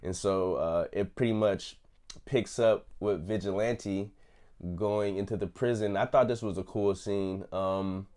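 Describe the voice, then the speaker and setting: A man's voice: on the low side, fairly even intonation, measured pace, a little mellow. A young man hosting a casual review, loosely retelling scenes in slang and laughing often. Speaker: host reviewing a TV episode. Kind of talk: casual chat.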